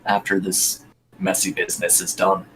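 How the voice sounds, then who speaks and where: A man's voice: low-pitched, level tone, normal speed, sharp tone, a little hiss or hum, low-quality recording. A man voicing a blunt, earthy male dwarf adventurer in a tabletop game, answering in terse, old-fashioned phrases. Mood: gruff. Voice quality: folksy dwarven drawl. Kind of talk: in-character tabletop role-play.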